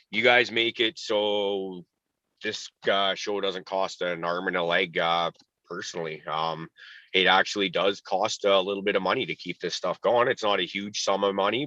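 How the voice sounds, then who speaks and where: A man's voice: low-pitched, steady tone, normal speed, bright, forceful tone, no room sound. A man co-hosting a casual livestream, easygoing and frank, swearing casually. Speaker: co-host. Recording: dull lo-fi dry sound.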